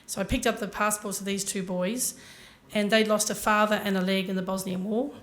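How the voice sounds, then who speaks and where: A woman's voice: mid-range voice, fairly even intonation, fairly quick, a bit bright. A woman giving a motivational talk to a conference audience, telling her story earnestly and speaking directly to the listeners. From Ireland.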